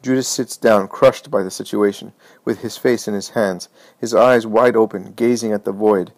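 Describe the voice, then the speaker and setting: Measured male narrator of a religious text. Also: on the low side, fairly even intonation, no echo. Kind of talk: dramatized reading of a religious text.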